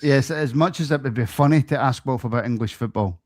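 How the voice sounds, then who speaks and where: A man's voice: medium pitch, a little fast. A man hosting a football podcast, talking loosely and casually and repeating phrases for effect as he wraps up the show. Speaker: podcast host.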